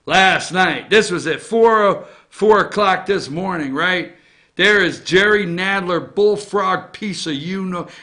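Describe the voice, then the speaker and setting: A man hosting a morning opinion show, ranting about politics and swinging between loud outraged shouts and low muttered asides.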